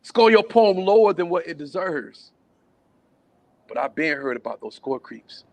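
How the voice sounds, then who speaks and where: A man performing spoken word poetry at a virtual open mic, full of playful wordplay and swinging from low murmurs to raised shouts. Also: very animated, measured pace. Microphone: video call.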